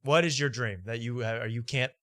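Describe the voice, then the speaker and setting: A man's voice: medium pitch, a little fast, fairly bright tone, no room sound, clean studio sound. A man hosting a talk show, ranting sarcastically over clips and repeating himself.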